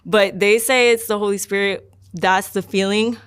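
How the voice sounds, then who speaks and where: A young woman recounting her own story in loose, everyday talk, circling back and repeating herself as she goes. Her voice is smooth and clear, at an ordinary middle pitch. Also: fairly even intonation, normal speed. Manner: rambling, many likes and repeats. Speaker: guest sharing her testimony. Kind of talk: casual personal storytelling.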